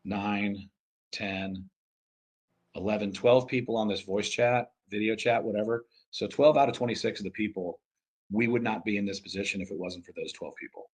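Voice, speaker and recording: A man speaks on a casual group voice chat, his voice low and slightly husky. He talks bluntly, repeats himself, and swears freely. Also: steady tone, moderate pace, rough recording. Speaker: project lead on a crypto call.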